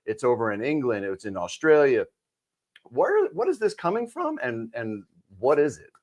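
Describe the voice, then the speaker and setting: A man co-hosting a casual talk show, ranting in an animated, profane way with sudden loud outbursts. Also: medium pitch, moderate pace. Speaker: podcast co-host. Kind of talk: casual conspiracy chat.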